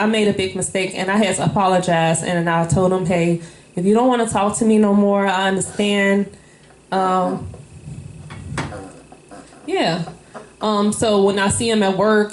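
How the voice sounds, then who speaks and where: Candid woman telling a heartfelt story. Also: medium pitch. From Illinois. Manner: candid, emotional, rambling with fillers. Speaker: interviewee, wife. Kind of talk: casual personal storytelling. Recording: echoey room.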